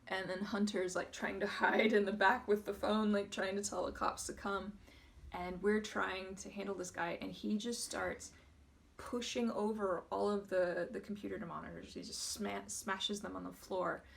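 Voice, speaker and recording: A woman's voice: medium pitch, vocal fry, recorded from a distance. A young woman, a former video store clerk, telling a story casually in an interview, laughing often and using many fillers.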